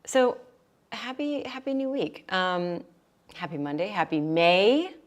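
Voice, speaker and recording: A young woman hosting a yoga livestream and chatting with viewers, bubbly and excitable, dropping to quiet asides. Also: medium pitch, measured pace. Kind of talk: casual chat greeting viewers. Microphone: livestream mic.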